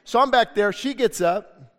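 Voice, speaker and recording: A man's voice: high voice, moderate pace, a bit bright. Earnest male pastor preaching in a reverberant church. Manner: earnest, conversational storytelling. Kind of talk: sermon. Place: church sanctuary. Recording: long church hall reverb.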